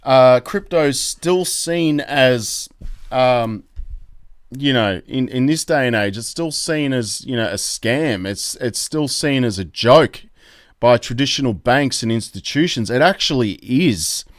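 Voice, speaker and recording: Excitable Australian man, smooth dry voice. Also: medium pitch, takes it slowly, dry recording. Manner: excitable, rambling, exclamatory. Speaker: crypto YouTube host. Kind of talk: live-stream commentary reading chat.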